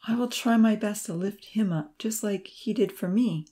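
A woman's voice: mid-range voice, normal speed, mellow, pitched above the performer's own voice, close to an everyday voice. A woman reading the lines of an earnest young female nurse in a storybook, speaking with heartfelt sincerity. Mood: thoughtful.

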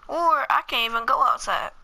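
A woman's voice: high voice, animated, moderate pace, gravelly, bright, forceful tone, low-quality recording. A woman giving casual, slangy gameplay commentary, chatting to viewers and muttering asides to herself as she plays. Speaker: gaming channel host.

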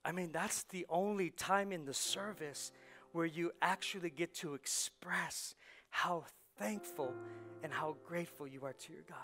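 High bright-voiced pastor guy preaching hard, firing off questions, soft music underneath. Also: measured pace. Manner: preachy, builds to shouting, rhetorical questions. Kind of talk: sermon.

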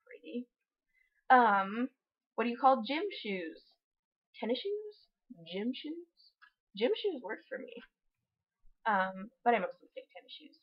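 Young woman, Utah accent, slightly high voice, wry and chatty, dull lo-fi recording. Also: moderate pace. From Utah, USA. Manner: chatty, wry, offhand humor. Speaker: vlogger. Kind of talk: casual chat and word-list reading.

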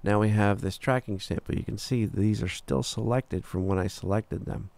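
A man teaching a recording workflow in a screen-recorded tutorial, relaxed and casual, talking through each step with filler words and the odd "boom". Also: moderate pace, no room sound. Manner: relaxed, talks through steps as he clicks, frequent "uh" and "boom". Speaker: recording engineer teaching software.

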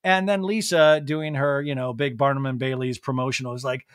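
A man hosting a comedy podcast, recapping a reality show in an animated way and breaking into campy impressions of the cast. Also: a little high, brisk, hardly any pauses, dry recording, clean studio sound. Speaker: podcast host.

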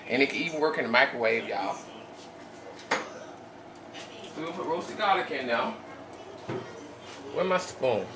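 A man's voice: medium pitch, gravelly. A tired man hosting a casual cooking demonstration in his home kitchen, chatting folksily to viewers as y'all. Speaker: home cook and channel host. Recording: echoey kitchen from a distance, noisy background.

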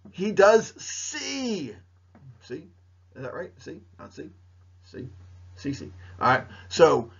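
Jokey male teacher, raspy, lo-fi lecture recording. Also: mid-range voice. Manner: playful, jokey, talks straight to students. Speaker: history teacher. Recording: dull lo-fi recording.

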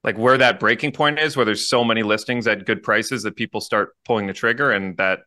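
Fast-talking Canadian man, bright voice. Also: lowish voice, steady tone, dry recording, studio quality. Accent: Canadian English. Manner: fast, chatty, jokes and laughs at own slips. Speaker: podcast co-host, realtor. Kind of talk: casual chat, reading news aloud.

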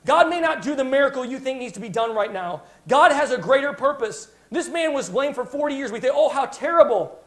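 A man's voice: very high-pitched, lively intonation, brisk, hardly any pauses, fairly bright tone. A male preacher telling a Bible story in a sermon with passionate, dramatic storytelling. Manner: impassioned storytelling, dramatic retelling.

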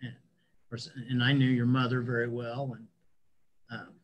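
A man leading a church study group, speaking in a slow, affirming way. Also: mid-range voice, flat delivery, muffled recording. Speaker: discussion leader.

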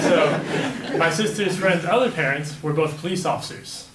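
A man's voice: on the high side, fast, crowd noise. A young man casually telling a personal story, rambling and filling his sentences with "like" and "right?". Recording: echoey room, mic at a distance, faint background hum.

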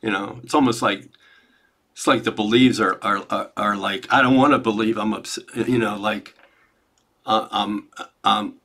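A man's voice: on the low side, fairly even intonation, moderate pace, vocal fry, fairly bright tone. A man in a spiritual study group, reflecting aloud with repeated, stammering phrases. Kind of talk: casual spiritual discussion.

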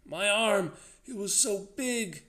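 A man voicing a terrified young man who has been stung, shouting and whimpering in high-pitched panic. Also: lively intonation, slow, full character voice. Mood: panicked.

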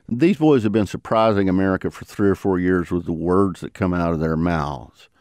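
A man in his fifties hosts a podcast, chatting in a folksy, joking way. His voice sits low, and the studio recording is dry and close, with no room sound. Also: darkish tone, no echo. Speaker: podcast host. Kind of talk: relaxed interview hosting.

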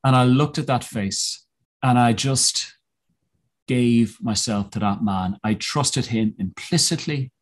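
A man being interviewed as a guest, telling a personal story in a reflective, earnest way with many pauses and restarts. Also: medium pitch. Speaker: podcast guest, mountaineer.

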